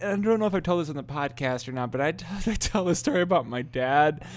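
A young man with a high voice tells a story on his podcast in a loose, casual way. He keeps breaking into laughter and drops curse words freely, with the energy of someone amused by his own tale. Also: a little fast. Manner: laughing, swearing, animated. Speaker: podcast host.

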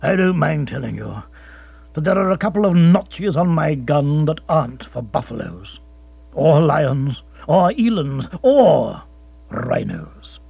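A grim, morose hunter captain who speaks slowly and bluntly, as a male reader puts him on. The voice is husky and the sound tinny and phone-like, with mains hum behind. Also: fairly high pitch, very animated, dry recording, pitched above the performer's own voice, heavily acted. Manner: blunt, grim, slow and deliberate. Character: gruff, morose middle-aged male big-game hunter captain.

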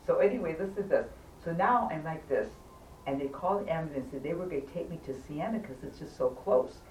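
A woman's voice: sits low, expressive, a little fast, darkish tone, recorded from a distance. A woman telling a patient's story in casual talk, emphatic and insistent, always urging the listener to hear her out. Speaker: patient recounting a hospital stay. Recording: echoey room, voice from afar, faint noise.

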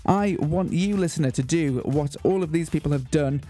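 Playful radio host man, mellow voice. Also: on the high side, moderate pace, faint music behind. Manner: playful, mock-theatrical, excitable. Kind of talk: jokey community radio patter.

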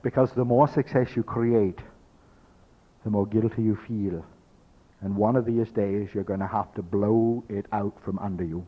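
A man's voice: lowish voice, steady tone, normal speed, husky, muffled recording. A man teaching a spiritual workshop, speaking as "we", emphatic and repetitive, acting out his listeners' thoughts. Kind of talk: workshop lecture to an audience.

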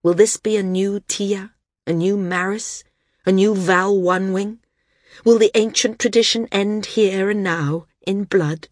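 A woman voicing a defiant female flyer who delivers calm, menacing warnings. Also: medium pitch, unhurried, no room sound, studio quality, close to an everyday voice. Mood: cold warning. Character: defiant young woman flyer issuing threats.

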